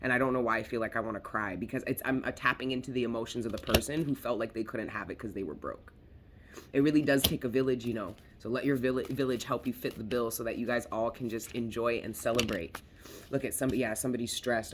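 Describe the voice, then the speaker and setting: A man's voice: mid-range voice, brisk, background noise. A man giving a casual tarot reading, talking in a rambling, emphatic way, swearing freely and repeating himself. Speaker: tarot reader.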